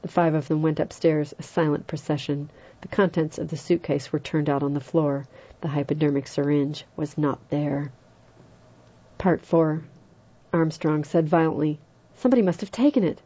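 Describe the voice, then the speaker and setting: A woman narrating an audiobook in a steady, even way. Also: low voice, normal speed, lo-fi sound. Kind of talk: audiobook reading.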